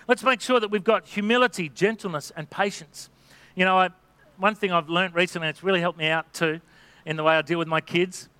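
A middle-aged man preaching in a high, bright voice that stays close and dry. He exhorts his listeners earnestly, pressing each point home, and now and then slips into the voices of people in his examples. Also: no echo. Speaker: pastor. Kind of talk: sermon.

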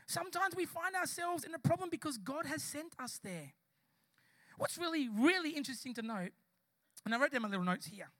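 A man's voice: very high-pitched, animated, fast talker, pushed and bright, no echo. A man preaching a live church sermon, telling a story and speaking straight to the congregation with passion. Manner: impassioned, addresses the congregation directly. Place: church service before a congregation.

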